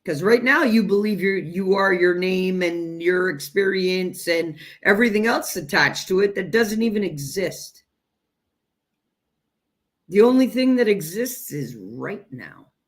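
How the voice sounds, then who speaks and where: A woman teaching self-growth in a direct spiritual talk, speaking emphatically and deliberately and addressing listeners as "you guys". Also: on the low side, lively intonation.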